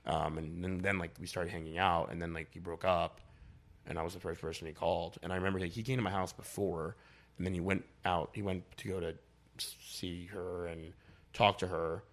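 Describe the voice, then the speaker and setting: A man's voice: low-pitched, steady tone, fairly quick. A young man chatting casually as a podcast guest, rambling and blunt, with lots of filler words and swearing. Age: young adult.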